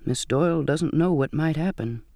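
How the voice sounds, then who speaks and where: A man reading an audiobook and voicing a soft-spoken, unsettling old sailor with a slow, courtly manner. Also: fairly high pitch, creaky, dry recording, clean studio sound. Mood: soft, coaxing. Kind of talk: audiobook character voice.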